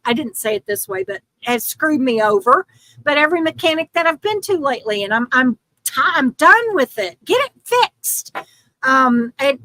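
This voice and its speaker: A woman's voice: high-pitched, bright, forceful tone, no room sound, poor audio. An older woman hosting a casual livestream, rambling in frustration with many restarts and fillers. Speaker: YouTube channel host.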